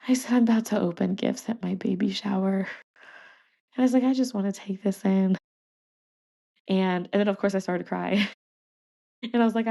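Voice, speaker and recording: Speaking briskly in a medium-pitched, warm, creaky voice over dull audio, this podcast host shares a personal story. She's a woman in her 30s who gets chatty and emotional, often laughing and starting over, and calls her listeners "y'all" and "you guys."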